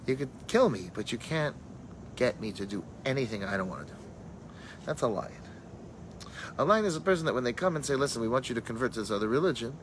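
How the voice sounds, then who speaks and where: A man's voice: mid-range voice, expressive, brisk, long pauses, slight background noise, rough recording. A man, a rabbi, teaching a casual Torah class and telling stories sprinkled with Hebrew and Yiddish terms, thinking aloud as he goes. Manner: thinks aloud with fillers and restarts.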